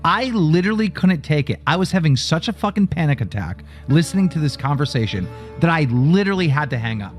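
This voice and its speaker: A man's voice: a little high, very animated, a little fast, soft background music. A man telling a heated story in a profane, agitated way, acting out both sides of a phone call. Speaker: streamer recounting a phone call.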